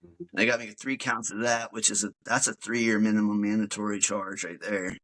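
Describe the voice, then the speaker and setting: A man's voice: lowish voice, little pitch movement, normal speed, a bit bright, rough recording. A man, a podcast guest, tells his personal story in a casual, rambling way, full of fillers and calling the host dude. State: emotional.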